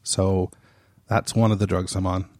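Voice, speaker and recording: A man's voice: sits low, flat delivery, measured pace, darkish tone. A man hosting his own podcast, talking casually and off the cuff, often laughing and restarting his phrases. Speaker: podcast host.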